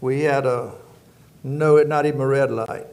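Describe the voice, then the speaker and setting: A man's voice: mid-range voice, fairly even intonation, unhurried, darkish tone. An older man from Louisiana with a rural Southern accent, telling stories as an interview guest in a folksy, rambling way, often circling back with "anyway.". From Louisiana, United States. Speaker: guest, former prison warden. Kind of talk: storytelling interview.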